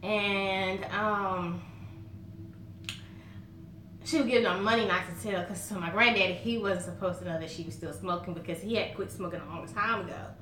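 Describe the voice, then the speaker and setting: Her mid-range voice sounds bright and forceful at a normal pace, with a slight hiss or hum and a roomy echo. She's a Southern vlogger with a Southern American accent, casually talking to camera, folksy and laughing a lot through her stories.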